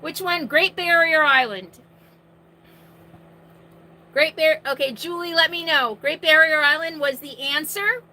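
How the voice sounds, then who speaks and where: Bright, high-voiced woman hosting a live chat. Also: unhurried, long pauses, poor audio. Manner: projects her voice loudly, chatty, with restarts. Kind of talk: casual live-stream chat. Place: inside her RV.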